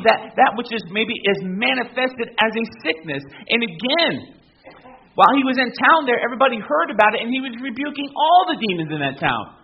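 A man's voice: very high-pitched, husky, lo-fi sound. A man preaching a sermon as pastor, emphatic and often asking the congregation questions.

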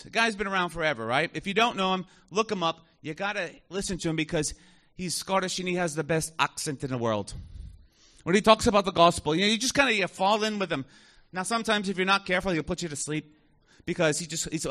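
A man's voice: high-pitched, pushed and bright. A man in his thirties preaching a conversational sermon in church, often asking the congregation questions. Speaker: pastor.

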